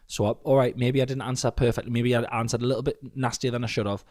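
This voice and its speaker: A hungover man co-hosting a podcast, telling stories in an animated, exasperated way. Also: medium pitch, quick pace, few pauses. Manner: animated, exasperated storytelling with swearing. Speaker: podcast co-host. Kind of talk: casual chat.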